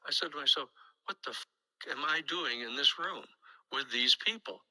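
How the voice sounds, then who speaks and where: A man's voice: medium pitch, moderate pace, sharp tone, poor audio. An older man telling a long story in a casual interview, acting out the voices of the people he quotes and often restarting his sentences. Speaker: guest storyteller.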